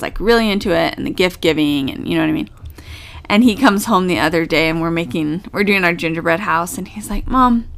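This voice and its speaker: A woman co-hosting a parenting podcast, chatting in a gushing, warm way with frequent laughs. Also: lowish voice. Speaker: podcast co-host and mother. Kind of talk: casual chat.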